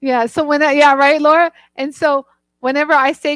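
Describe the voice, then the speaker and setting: A woman's voice: high-pitched, a little fast, creaky, no echo. A woman from the northern United States hosting a live jewelry tool stream, chatting with viewers in a bubbly, gushing way.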